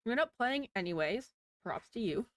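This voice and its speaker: A woman's voice: fairly high pitch, lively intonation, moderate pace, no echo. Woman, casual story reader, wry asides, dry recording. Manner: chatty, wry asides to the listener. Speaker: reader of online posts.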